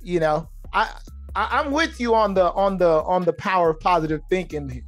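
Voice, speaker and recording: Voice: medium pitch, moderate pace, faint music behind. A podcast host from the United States who keeps agreeing with the guest and then adds thoughts of their own, often chiming in with short remarks. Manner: affirming, lots of agreeing interjections. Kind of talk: podcast interview chat.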